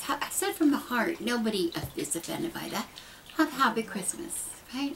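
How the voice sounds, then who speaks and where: A woman's voice: on the high side, sing-song, moderate pace, slight background noise, low-quality recording. A middle-aged woman speaking earnestly and casually to her camera, rambling with restarts as she shares heartfelt thoughts. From United States. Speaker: pagan vlogger. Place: dim room at home. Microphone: camera mic.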